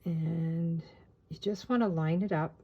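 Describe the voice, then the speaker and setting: A woman giving a casual, chatty step-by-step craft tutorial, talking as she works with her hands and often pausing on filler words. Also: deep voice, fairly even intonation, slightly rough, dull audio. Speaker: papercraft demonstrator.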